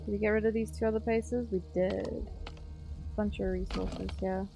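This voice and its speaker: A woman's voice: medium pitch, flat delivery, moderate pace, gravelly. Chatty woman streamer, music behind. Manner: chatty, swears casually while playing. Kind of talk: casual gameplay commentary.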